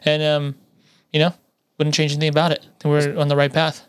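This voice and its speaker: A man's voice: on the high side, monotone, fast talker, clear, resonant tone, no room sound. A man co-hosting a casual sports podcast, rambling with fillers and restarts. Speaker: podcast co-host. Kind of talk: casual chat.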